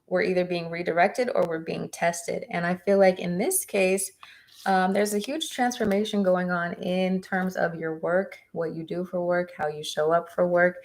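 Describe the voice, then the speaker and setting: A woman giving live-stream tarot readings, chatting with viewers in an encouraging way. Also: on the low side. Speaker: tarot reader.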